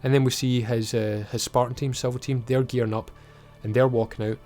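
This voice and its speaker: This is a man, retelling a TV episode in an animated, offhand way. He swears freely and slips into quick impressions of the characters. Faint music runs quietly behind him. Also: mid-range voice. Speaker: video reviewer. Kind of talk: casual recap with acted-out quotes.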